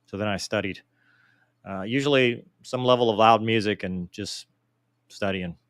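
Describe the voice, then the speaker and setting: On a casual live Q&A, a man in his forties answers viewer mail and jokes about himself, animated and self-deprecating. His voice is on the low side at normal speed, recorded in studio quality with no room sound.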